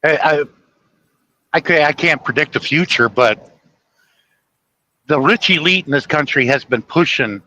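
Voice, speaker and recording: Opinionated male podcast host from the U.S., bright forceful tone, rambling storyteller. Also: a little high, a little slow, pauses often, highs cut off. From United States. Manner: opinionated, storytelling with acted quotes. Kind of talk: casual political chat.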